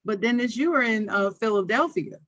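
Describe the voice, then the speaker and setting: Calm podcast co-host explaining. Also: medium pitch, a little fast, dry recording. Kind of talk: casual chat.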